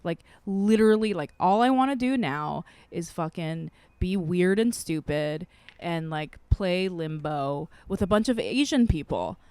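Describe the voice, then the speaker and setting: A woman's voice: fairly low pitch, lively intonation, unhurried, a little mellow, smooth, no echo. A woman co-hosting a podcast in casual chat, rambling with lots of swearing and filler words. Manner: rambling, heavy swearing, constant "like". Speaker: podcast co-host.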